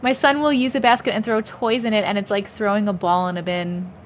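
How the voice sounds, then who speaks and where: A woman's voice: medium pitch, steady tone, fairly quick, slight background noise. A young adult woman hosting a casual livestream chat from home, chatty, laughing often and swearing freely. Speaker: livestream host.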